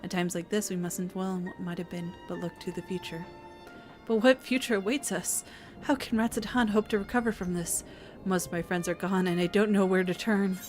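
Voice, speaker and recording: A woman voicing a calm, reflective villager in a fantasy game, speaking in a measured, earnest way. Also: lowish voice, soft background music, close to an everyday voice.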